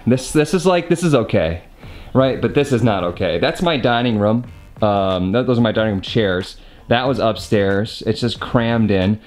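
A man's voice: fairly low pitch, normal speed. A young man chatting casually in a vlog, rambling and frank with a lot of swearing and an exasperated edge. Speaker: gaming YouTuber. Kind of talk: casual vlog house tour then game talk.

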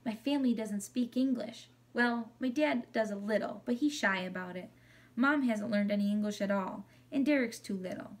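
A woman voicing a shy young schoolgirl who speaks softly and quietly. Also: on the high side, moderate pace, distant mic, lightly acted. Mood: hushed. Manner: soft whispering.

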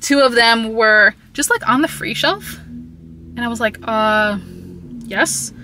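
A woman's voice: a little high, animated, unhurried, sharp tone, a little hiss or hum. A woman chatting casually and upbeat about her book haul in a vlog, rambling a little and a bit out of breath, talking from her car. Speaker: book vlogger.

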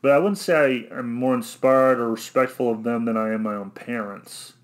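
A young man from Arkansas with an Arkansan accent, rambling through a solo rant in a monotone, blunt and cynical, often correcting himself. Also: mid-range voice, normal speed. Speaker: vlogger.

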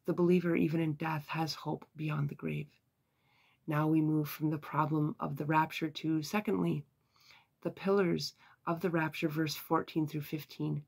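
A Bible teacher giving an earnest, measured devotional lesson, with occasional sighs and fillers. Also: medium pitch, creaky, slightly rough.

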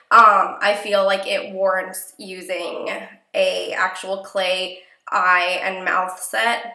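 A woman's voice: mid-range voice, roomy sound. Nasal young woman with a cold. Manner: chatty, relaxed instructions with fillers. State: congested from a cold. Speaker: crafting tutorial host. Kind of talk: casual voice-over tutorial.

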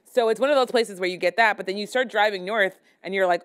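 Woman panelist, from Miami, smooth resonant voice, animated storyteller on a university stage. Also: mid-range voice, fast talker, hardly any pauses. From Miami, Florida. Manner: animated storytelling, quotes people in lively asides. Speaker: panelist journalist. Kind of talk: panel discussion.

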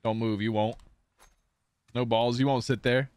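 A young man streaming a shooter game, giving live gameplay commentary with playful taunts and sudden excited yells. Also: medium pitch, a little slow, clear, resonant tone, no room sound. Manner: excitable, taunting banter with bursts of yelling. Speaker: gaming streamer.

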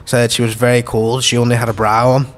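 A man's voice: medium pitch, fast talker. Derry man spinning a wild yarn. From Derry, Northern Ireland. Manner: animated yarn-spinner acting out dialogue, swears freely. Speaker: podcast guest. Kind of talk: casual storytelling.

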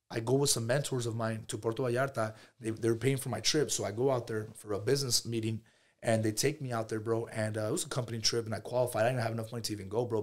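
Fast-talking animated man telling his story. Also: medium pitch. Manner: animated storyteller, acts out dialogue, says "bro" constantly. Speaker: podcast guest, entrepreneur. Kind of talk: casual podcast storytelling.

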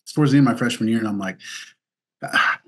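A man from Missouri, telling stories in a loose, casual way as an interview guest. His voice sits at an ordinary mid pitch, and he laughs often and drops "dude" and "like" throughout. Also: very fast, darkish tone. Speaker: guest athlete.

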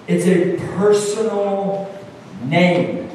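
A male pastor with a high voice preaches in an animated, storytelling way, often restarting his sentences. He is heard from a distance in a large, echoing hall, with a faint hum of ambience behind him. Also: slow. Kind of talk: sermon. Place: church hall. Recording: echoey hall from far off.

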